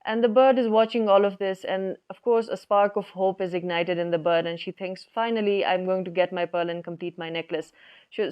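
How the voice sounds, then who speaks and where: Woman storyteller, relaxed, conversational, folk tale, smooth voice, dull lo-fi recording. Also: on the low side. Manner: relaxed, conversational, many fillers.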